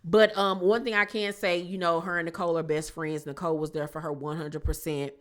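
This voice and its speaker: A woman with a somewhat low voice talks through a reality show episode like she is catching up a friend. She is animated and slangy, and she often slips into quoting people along the way. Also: a little fast. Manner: animated, chatty, slangy, acts out quotes. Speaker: reality TV recap YouTuber. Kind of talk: casual gossipy show recap.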